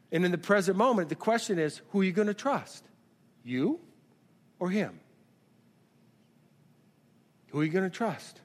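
A middle-aged man preaching a sermon as pastor, calling out questions to the congregation and building to shouts. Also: high voice. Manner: call-and-response preaching, rises to shouts. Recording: long hall reverb.

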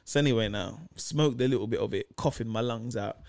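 A young man with a London accent telling animated stories in a casual podcast chat, acting out the people he quotes. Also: medium pitch, fairly quick. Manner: animated, acts out quotes in voices. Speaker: podcast guest. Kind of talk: casual storytelling.

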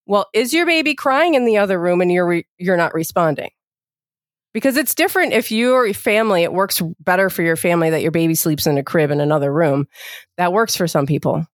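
A woman's voice: fairly low pitch, animated, no echo. Chatty woman explaining, dry sound. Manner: chatty, explains with quick asides and many fillers. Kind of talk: casual chat about parenting.

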